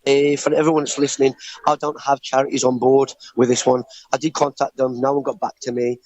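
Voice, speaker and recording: A man's voice: mid-range voice, flat delivery, brisk, a little mellow, dry recording, muffled recording. A young man from Scotland with a Scottish accent mixed with the English Midlands, earnestly telling his story as a guest over a remote call, with lots of "uh". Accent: Scottish with some English Midlands mix. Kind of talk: interview answering, telling his life story.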